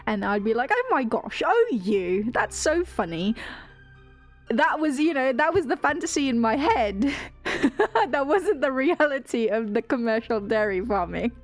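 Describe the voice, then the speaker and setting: A woman streamer telling a rambling story in casual chat. She swears freely and laughs often. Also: on the high side.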